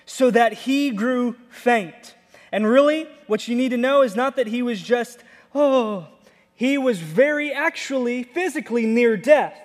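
A man's voice: very high-pitched, in a large hall. A man preaching a sermon as pastor, in an emphatic, conversational way.

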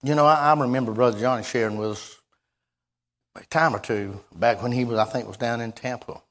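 A man's voice: mid-range voice, fairly even intonation. Folksy preacher man. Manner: folksy, halting, repeats himself, rises to sudden loud exclamations. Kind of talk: sermon.

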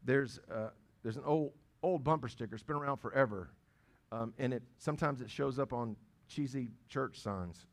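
A man's voice: mid-range voice, moderate pace. A middle-aged man, a pastor, preaching a sermon in a conversational way, with stammered restarts and phrases repeated for stress.

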